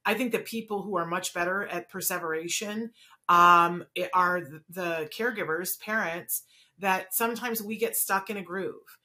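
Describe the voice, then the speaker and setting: A woman's voice: on the low side, normal speed, pushed and bright. A woman hosting an interview, a parent herself, asking questions and sharing personal experience in an earnest, conversational way. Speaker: host and parent. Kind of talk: podcast interview.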